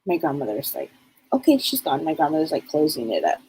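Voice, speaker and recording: A woman's voice: low-pitched, sing-song, fairly quick, dark tone, husky, low-quality recording. A woman psychic medium giving a live reading, chatty and rambling as she passes on what spirits tell her.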